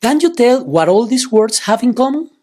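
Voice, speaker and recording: A woman teaching Spanish, patiently explaining grammar rules and slowing down to model example words. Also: a little high, sing-song, a little mellow. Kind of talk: explanatory language lesson.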